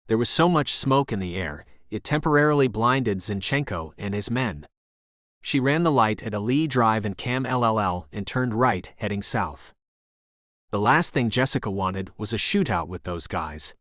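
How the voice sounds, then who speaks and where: A man narrating a thriller audiobook in a steady, even scripted delivery. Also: fairly low pitch, no room sound, studio quality.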